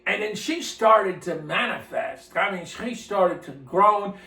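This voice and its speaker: A minister tells a story in a loose, folksy way, circling back and repeating himself. His voice sits high for a man. He sounds a little distant from the mic, in a room that echoes. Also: slow pace, vocal fry, bright, forceful tone. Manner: folksy, rambling, repeats words. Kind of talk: casual storytelling to camera.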